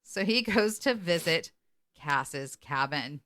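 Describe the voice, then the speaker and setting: A woman's voice: deep voice, animated, takes it slowly, fairly bright tone. A woman co-hosting a podcast, casually retelling a TV episode and quoting the characters with laughs. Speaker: podcast co-host.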